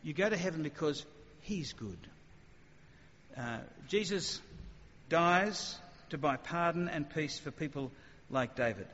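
Brief: man preaching to a live audience, animated and conversational, a fairly high voice, muffled hall recording with a long reverb tail. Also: measured pace. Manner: animated, conversational, sudden acted asides. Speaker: speaker. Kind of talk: evangelistic talk with questions.

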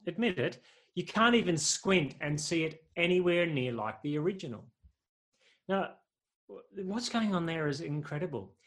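A man's voice: fairly high pitch, a bit bright. A man preaching a sermon, conversational and humorous, often asking the congregation questions.

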